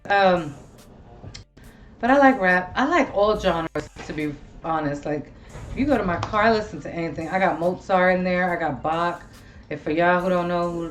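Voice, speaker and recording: A woman's voice: on the low side, highs cut off, a little hiss or hum. A woman hosting a casual talk show, chatting bluntly and animatedly with plenty of profanity. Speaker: host. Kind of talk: casual chat.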